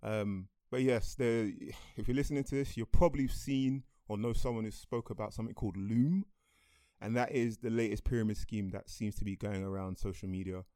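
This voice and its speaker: A man's voice: on the low side, steady tone, fairly quick, warm tone, clear, resonant tone, no room sound. A young man co-hosting a podcast, talking through a topic in a loose, conversational way. He explains at length and laughs easily. The recording is close and dry, with no room sound. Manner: chatty and explanatory, laughs often. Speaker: podcast co-host. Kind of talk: casual chat.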